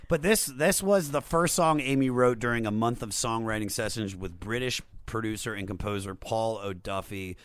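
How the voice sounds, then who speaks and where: A man hosting a podcast in relaxed, casual chat, walking through album tracks. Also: fairly low pitch, moderate pace, hardly any pauses, clear, resonant tone, dry recording. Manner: relaxed, conversational, laughs often. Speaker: podcast host.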